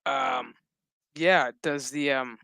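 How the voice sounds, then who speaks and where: Slow, bright-voiced man recapping casually. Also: medium pitch, vocal fry, no echo. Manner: loose, profane, rambling with fillers. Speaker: TV episode reviewer.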